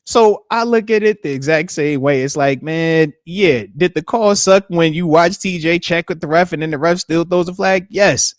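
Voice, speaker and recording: A man's voice: fairly high pitch, normal speed, hardly any pauses, no echo, studio quality. A man hosting a podcast, chatting casually and acting out quotes in slangy banter. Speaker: podcast host, retired linebacker. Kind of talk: casual chat.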